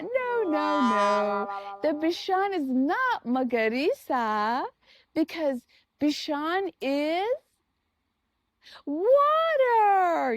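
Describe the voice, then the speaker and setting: A woman's voice: sits high, no echo, studio quality. A woman teaching young children words in a coaxing sing-song way. She repeats each word and prompts the child to say it back.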